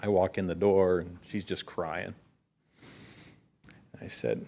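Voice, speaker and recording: A man's voice: low-pitched, steady tone, slow, vocal fry, dark tone. A middle-aged man preaching a sermon in a church as pastor, earnest and storytelling, rising in emphasis at key points. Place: church sanctuary.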